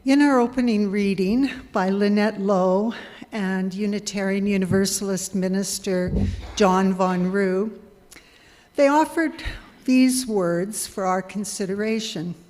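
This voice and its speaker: A woman giving a measured, earnest reflection to a congregation as a lay worship leader. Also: medium pitch, darkish tone. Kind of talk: sermon reflection. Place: congregation hall. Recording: long hall reverb.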